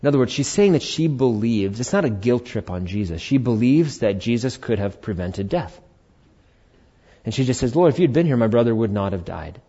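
Pastor preaching, loud then hushed. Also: male voice, mid-range voice, expressive, moderate pace, breathy edge, highs cut off. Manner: swings from loud emphasis to hushed, soft asides. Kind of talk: sermon.

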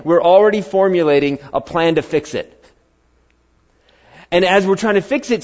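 A middle-aged pastor with a slightly high voice preaches to a congregation in a church hall. Chatty and animated, he tells stories and acts out quotes in shifting voices. The lo-fi recording sounds slightly dull.

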